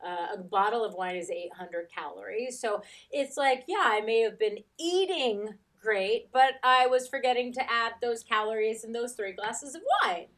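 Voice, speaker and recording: Woman life coach, candid and animated storyteller, sits back from the mic. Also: fairly high pitch, moderate pace, few pauses, far from the mic. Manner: candid storyteller, acts out quotes, laughs easily. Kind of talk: casual chat.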